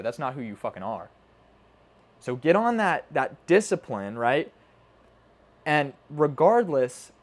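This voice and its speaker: A man coaching viewers on self-improvement in a casual, earnest motivational talk, often repeating himself and swearing now and then. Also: fairly high pitch. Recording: faint background noise.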